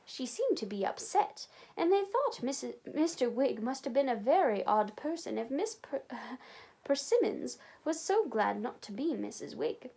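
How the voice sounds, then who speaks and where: A woman librarian reading a children's storybook aloud with expressive, animated storytelling. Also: high-pitched, a little slow, creaky, husky.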